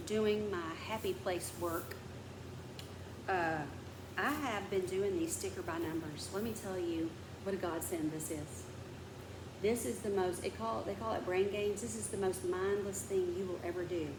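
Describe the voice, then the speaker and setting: A woman's voice: medium pitch, fairly even intonation, moderate pace. A woman vlogging in casual chat, rambling through a story, venting, and sometimes dropping to a whisper. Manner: rambling storyteller who vents and drops to a whisper. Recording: echoey room with background noise.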